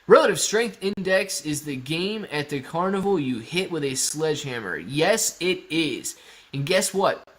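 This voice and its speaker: A man's voice: a little high, sing-song, measured pace, fairly bright tone. A young man from Ohio hosting a casual stock livestream, reading chat comments aloud in an upbeat, jokey way.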